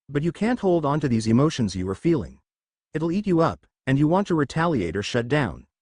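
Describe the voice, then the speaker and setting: A man's voice: fairly high pitch, big pitch swings, brisk, no room sound, studio quality. A man reading the lines of a young witch girl who consoles her friend, in a storybook reading. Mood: consoling. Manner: gentle, pleading.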